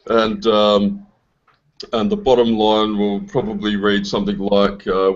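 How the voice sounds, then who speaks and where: A man from Australia chatting casually, halting and often laughing. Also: fairly low pitch, steady tone. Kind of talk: casual chat. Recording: dull lo-fi online call audio.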